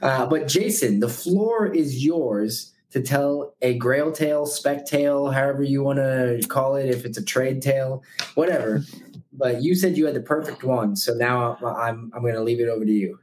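A man's voice: medium pitch, normal speed, a little mellow, slight background noise, rough recording. A man co-hosting a podcast, chatting in a casual, friendly way and handing the floor to his guest. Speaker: podcast co-host. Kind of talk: casual chat.

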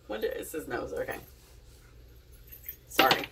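A woman's voice: fairly low pitch, animated, a little slow, creaky, pauses often, fairly bright tone, slightly rough, far from the mic. A woman telling a casual story to her camera, chatty and giggly, with plenty of fillers and restarts. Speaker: vlogger.

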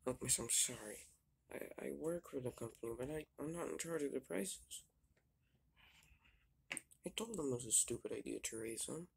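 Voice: mid-range voice, expressive, normal speed, creaky, pauses often, a little hiss or hum. A young fan narrator voicing a weary male janitor who stammers and refuses, in a homemade video voice-over. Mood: exasperated. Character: weary male janitor, put-upon and blunt.

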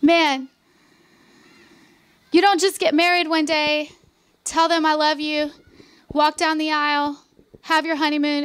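A woman pastor preaching a revival sermon, with fervent, repeated declarations that drop into soft, conversational asides. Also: high voice, little pitch movement, measured pace, long pauses, no room sound.

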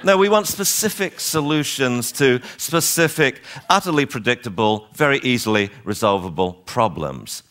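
A man lecturing a seminar on dog training, animated and wryly exasperated, acting out owners and dogs as he goes. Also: mid-range voice, moderate pace, hardly any pauses.

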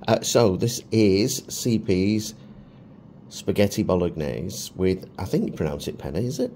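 Middle-aged man, casual food vlogger, chatty and self-deprecating, lowish pitch. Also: very animated, measured pace, mellow, a little hiss or hum. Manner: chatty and self-mocking, with chuckles. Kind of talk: casual food review vlog.

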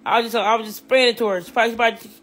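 A woman's voice: on the high side, fairly even intonation, very fast, fairly bright tone. A woman livestreaming in casual talk, repeating herself insistently and swearing a lot. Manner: repetitive, insistent, swears heavily.

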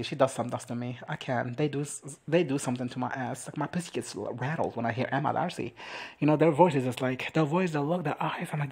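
A man giving a crude, campy comedic recap of a TV episode. He talks sassily, swears freely and acts out the characters in quick quoted lines. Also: medium pitch, husky. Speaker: reaction recap vlogger.

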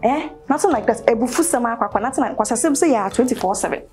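An actress doing a weary young Ghanaian intern, her voice a little high, grumbling and switching between Twi and English. Faint music plays underneath. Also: lively intonation, fast, a little mellow, natural voice. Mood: aggrieved. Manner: complaining, mixing Twi and English. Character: put-upon young woman intern tired of errands. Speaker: national service trainee. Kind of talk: comic web-series acting.

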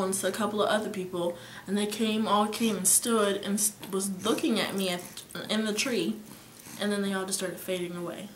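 A teenage girl telling a vivid dream in casual storytelling, her voice dropping to whispers and rising to near-shouts. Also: mid-range voice, a little hiss or hum. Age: teens. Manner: emotional, swings between whispers and near-shouting. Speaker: guest sharing a dream. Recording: echoey room.

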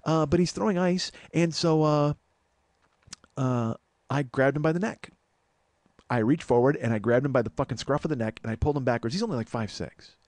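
A man in his forties hosting a comedy podcast, telling a story in an exasperated, profane, animated way. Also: medium pitch, a little fast, dry recording. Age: 40s. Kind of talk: storytelling monologue.

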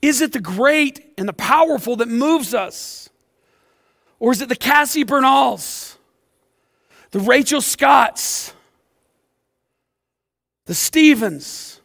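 A male pastor delivers an impassioned sermon, his high voice carrying a gravelly rasp. He swings from loud, fired-up passages to hushed ones. His words ring out with a long reverb in a big church sanctuary. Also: expressive, slow pace, pauses often.

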